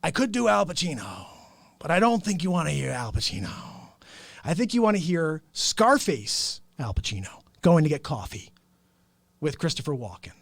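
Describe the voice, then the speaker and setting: A man's voice: a little high, big pitch swings, normal speed, gravelly, no room sound. Earnest man hosting a solo talk stream. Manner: earnest, upbeat, rambling. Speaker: host. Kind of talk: casual solo livestream talk.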